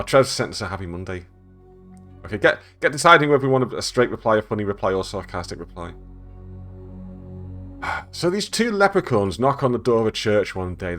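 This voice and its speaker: Man reading game emails aloud, joking. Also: fairly low pitch. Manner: joking, reads text aloud with stumbles and sarcastic asides. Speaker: gaming YouTuber.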